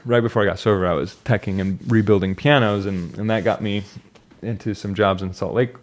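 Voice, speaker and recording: A man's voice: fairly low pitch, fairly even intonation, fairly quick. A young man talking casually and reflectively about his life, rambling with restarts and fillers. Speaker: vlogger. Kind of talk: casual personal monologue.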